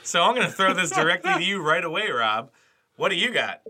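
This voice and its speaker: Over some background noise, this man's high voice sounds very animated and brisk. Co-hosting a laid-back podcast chat, he meanders, jokes around, and fills his speech with fillers.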